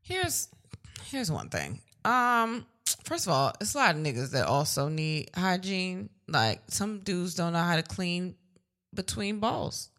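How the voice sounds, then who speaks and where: Chatty young woman, bright, lively. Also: fairly low pitch, a little slow. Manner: candid, chatty, lots of "like" fillers. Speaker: podcast co-host. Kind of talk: casual chat.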